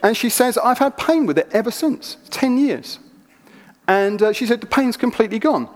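A man preaching a sermon, telling stories in an animated, chatty way with asides. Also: very high-pitched, moderate pace. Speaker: pastor. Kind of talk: sermon with storytelling. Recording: reverberant church hall.

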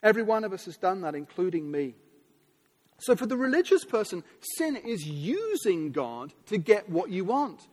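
A man preaching a sermon from England, emphatic and animated, with sudden drops and rises in his delivery, in a large church hall. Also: high-pitched, normal speed. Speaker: pastor. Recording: long hall reverb.

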